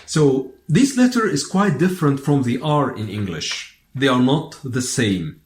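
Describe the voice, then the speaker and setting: A man with an Egyptian accent teaching Arabic pronunciation. He speaks slowly and repeats each word several times so learners can follow. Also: mid-range voice, very animated, roomy sound. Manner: slow, repeats words many times for learners. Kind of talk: pronunciation lesson.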